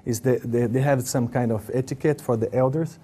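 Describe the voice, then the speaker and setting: A man with an Italian accent, a guest recalling his life with his teacher, speaking in halting, repeated starts with a laugh now and then. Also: medium pitch, steady tone, mellow, breathy edge. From Italy. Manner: halting, restarts often, laughs as he tells stories. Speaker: interview guest. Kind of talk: casual spiritual reminiscence.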